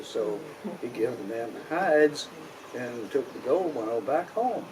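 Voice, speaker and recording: A man with a Kentucky accent spins a folk tale in a slow, folksy drawl full of rural grammar and pauses. His voice sits at a middle pitch, with a faint hiss of noise behind. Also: expressive. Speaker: storyteller. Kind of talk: oral folk storytelling.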